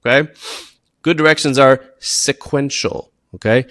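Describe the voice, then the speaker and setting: A man who teaches PE, presenting classroom tips in an animated, emphatic way and often checking in with "okay?". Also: mid-range voice, measured pace, no room sound. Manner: animated, acts out students and teachers.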